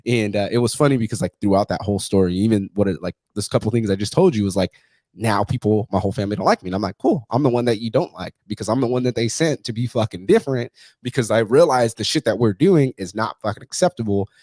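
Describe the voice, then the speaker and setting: A man's voice: fairly low pitch, lively intonation, quick pace, a little mellow, no echo. A man in his thirties talking bluntly and profanely about his family in a casual conversation.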